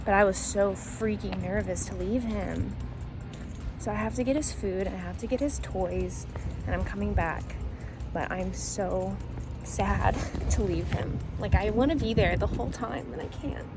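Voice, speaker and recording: A young woman vlogging casually about her day, rambling and candid, then gushing in high baby talk to her dog. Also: measured pace, music in the background. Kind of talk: casual vlog chat.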